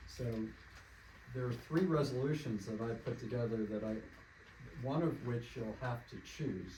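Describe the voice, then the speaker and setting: A man who is a township official gives a measured, orderly walk-through of proposed resolutions for the board. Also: medium pitch, dark tone. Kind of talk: formal procedural explanation. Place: township meeting room. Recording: echoey meeting room, faint noise.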